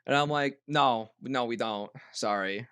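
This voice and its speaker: A young man rambles through a work story, stumbling over his words and restarting often. His voice is bright and ringing, and it sounds close and dry with no room around it. He keeps breaking into loud, high impressions of other people. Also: measured pace, clean tone, dry recording. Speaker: podcast co-host. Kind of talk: casual chat.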